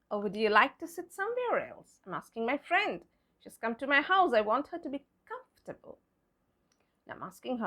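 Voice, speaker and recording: A woman teaching English pronunciation, spelling out words letter by letter, repeating them slowly and hushing playfully over silent letters. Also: high-pitched, sing-song. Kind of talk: explaining pronunciation to viewers.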